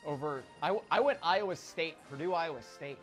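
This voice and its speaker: Chatty man with a higher voice. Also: brisk, soft background music. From South Florida. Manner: chatty, animated storyteller. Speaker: sports betting analyst guest. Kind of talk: casual chat.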